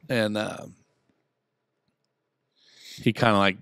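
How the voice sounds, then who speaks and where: A man's voice: lowish voice, normal speed, fairly bright tone, no echo, studio quality. A man in his thirties with a Southern Indiana accent, telling a long story in casual chat with his podcast co-hosts. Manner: rambling storyteller, acts out quotes. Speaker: podcast co-host.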